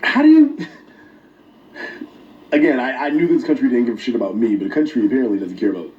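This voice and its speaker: A man's voice: medium pitch, animated, quick pace. A man co-hosting a podcast, asking incredulous rhetorical questions in a casual way. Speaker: co-host. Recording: dull, roomy and distant.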